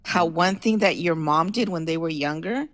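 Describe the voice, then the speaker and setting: A woman's voice: lowish voice, normal speed, fairly bright tone, long reverb tail. A woman hosting a podcast, chatting casually with a caller and exclaiming in reaction. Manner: exclaiming, chatty, calls the guest "girl". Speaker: podcast host.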